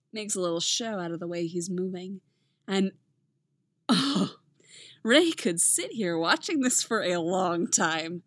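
Woman reading a story, soft and intimate, mid pitch, dry close mic. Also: no room sound. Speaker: audiobook reader. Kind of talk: reading fan fiction aloud.

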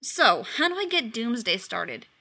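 Woman playing a sullen young guy, bored and cold, bright voice. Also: a little high, big pitch swings, measured pace, creaky, heavily acted.

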